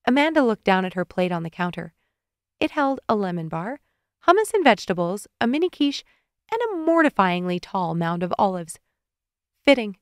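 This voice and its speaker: A woman reads a romance audiobook in a calm, even voice at a middling pitch. The booth is dead dry and the mic is close, so every word is intimate and plain. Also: normal speed, clean tone, no echo. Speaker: audiobook narrator. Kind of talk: scripted romance narration.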